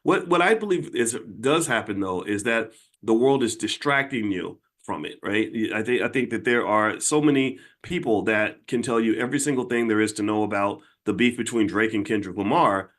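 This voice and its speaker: A man's voice: fairly low pitch, moderate pace, fairly bright tone. A middle-aged man hosting his channel, talking straight to viewers in an earnest, conversational way, often repeating and restarting phrases. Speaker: channel host and finance educator. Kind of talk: casual monologue to viewers.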